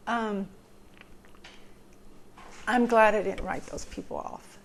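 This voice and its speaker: A woman's voice: medium pitch, fairly even intonation, slow pace, long pauses, a little hiss or hum. A woman in a heartfelt personal talk, sharing advice in an earnest, emotional way, with many ums and repeated phrases for emphasis. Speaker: vlogger sharing recovery advice.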